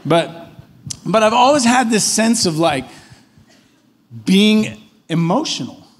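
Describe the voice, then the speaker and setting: Man, pastor, high-pitched voice, relaxed chatty sermon, keeps checking in with the crowd. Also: slow pace. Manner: casual storytelling, frequent tag questions. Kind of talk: conversational sermon. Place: church.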